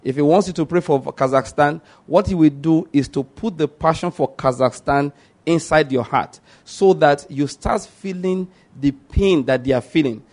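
A man preaching a sermon, reading scripture aloud and explaining it. He repeats his points and keeps asking the listeners whether they follow. His voice sits a little on the high side. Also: moderate pace, darkish tone. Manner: repeats points, asks "do you understand my point?".

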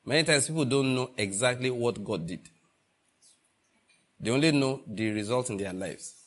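A man's voice: medium pitch, animated, normal speed, a bit bright. A man preaching a sermon, asking the congregation rhetorical questions and repeating phrases for emphasis.

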